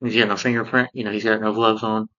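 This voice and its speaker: Male reviewer, lowish voice, rambling casual recap with constant fillers, dull lo-fi home recording. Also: little pitch movement, fast talker, sharp tone. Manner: rambling recap full of "you know" fillers. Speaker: cartoon reviewer.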